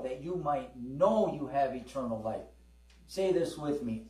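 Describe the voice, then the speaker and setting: A man's voice: medium pitch, animated, takes it slowly, warm tone. Man, pastor, storytelling sermon, call-and-response, roomy echo, mains hum. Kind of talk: sermon with personal testimony. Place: church hall. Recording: roomy hall, distant mic, mains hum.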